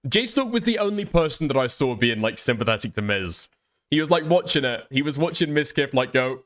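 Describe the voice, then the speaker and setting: A man's voice: medium pitch, sing-song, fairly quick, a bit bright. A male livestream host giving crude, incredulous reaction commentary and swearing heavily.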